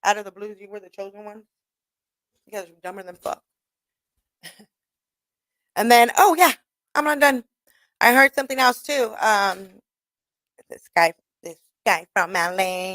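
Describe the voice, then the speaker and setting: Woman radio host, mid-pitched, casual and profane, laughing often, dry close sound. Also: unhurried, long pauses, a bit bright, dry recording. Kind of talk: casual monologue. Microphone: studio mic.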